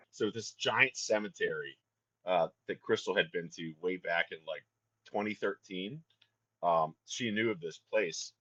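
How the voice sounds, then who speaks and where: A man's voice: deep voice, a bit bright, lo-fi sound. A man, a band's singer, telling a story in a casual chat, profane and laughing as he goes. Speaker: band vocalist and guest.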